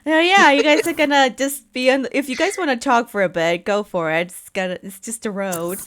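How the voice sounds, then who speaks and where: A woman narrating as game master, playful and excitable. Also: high-pitched, a little fast.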